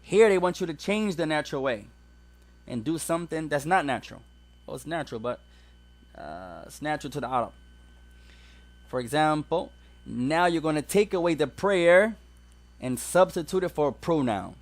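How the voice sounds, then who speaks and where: A man's voice: fairly high pitch, expressive, normal speed, pauses often. A man teaching an Arabic grammar class, explaining step by step and mixing English with Arabic examples.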